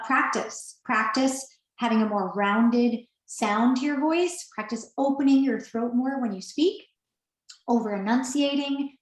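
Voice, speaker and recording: A woman's voice: on the high side, roomy sound, rough recording. Conversational woman coaching a workshop. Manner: conversational, coaching, answers chat questions. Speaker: workshop presenter. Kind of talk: online professional skills workshop.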